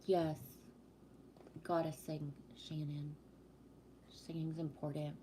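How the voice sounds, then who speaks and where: Reading chat on her casual livestream, a woman projects her voice and calls her viewers sweetie with affection. Her voice is low and her delivery flat and slow, and there's noise in the background.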